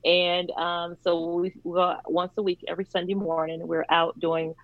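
A woman's voice: fairly low pitch, flat delivery, moderate pace, no room sound, dull audio. A woman guest telling her story in a casual interview, laughing often and using many fillers. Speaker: charity founder, guest.

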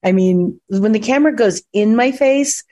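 A woman's voice: a little high, normal speed, dark tone. A woman being interviewed in a casual chat, chatty and telling stories, acting out quotes. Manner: chatty storyteller, acts out quotes. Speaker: actress, interview guest. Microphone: phone call.

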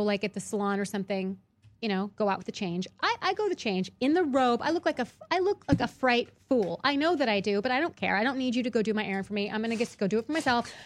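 A woman chatting casually as a co-host, an animated storyteller whose voice jumps high when she retells arguments. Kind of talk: casual chat.

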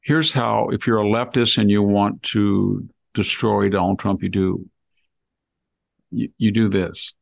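An older man with a low, gravelly voice talks through politics in a relaxed conversational way. He often slips into mimicking voices to act out what others might say. The sound is dry and close. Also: unhurried, dry recording. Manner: acts out quotes in mimicking voices. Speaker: podcast host. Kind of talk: casual political talk.

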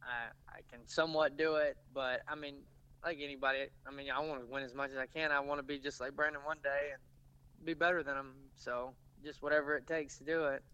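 Bright, clear-voiced young race driver. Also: male voice, medium pitch, steady tone, fairly quick, highs cut off. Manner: laid-back storytelling with laughs. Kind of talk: casual interview chat.

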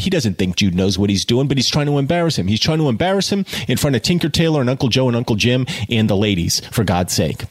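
A man's voice: medium pitch, animated, brisk. A man reading a novel aloud and breaking off into passionate, profane commentary to his listener. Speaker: reader and commentator. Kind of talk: audiobook reading mixed with casual commentary.

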